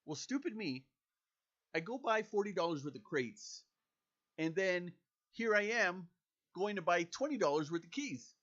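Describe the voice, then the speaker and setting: A man chatting casually over a video game, excitable and self-deprecating. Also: high-pitched, a little slow, long pauses, highs cut off. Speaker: gaming YouTuber. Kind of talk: casual gameplay commentary.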